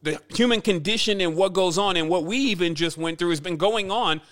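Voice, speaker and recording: This man talks in a fairly high voice, circling back and repeating himself as he preaches a spiritual message. His delivery is emphatic, and he rambles as he goes, in the manner of a teacher speaking to his followers. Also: brisk, fairly bright tone. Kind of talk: spiritual monologue.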